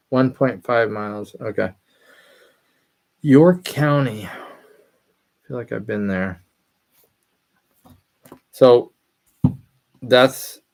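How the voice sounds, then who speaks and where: A man from California hosting a hobby livestream, talking loosely and rambling as he answers chat messages aloud. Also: mid-range voice.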